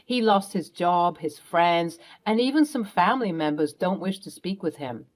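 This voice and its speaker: A woman's voice: on the low side, lively intonation, normal speed. A young woman narrating a first-person family drama in a dramatic storytelling manner.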